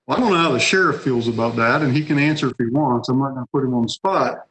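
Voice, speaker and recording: A man's voice: medium pitch, quick pace, fairly bright tone, poor audio. A man speaking at a public policy meeting, conversational and hedging, acting out what others might say. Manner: conversational, hedging, acts out quotes.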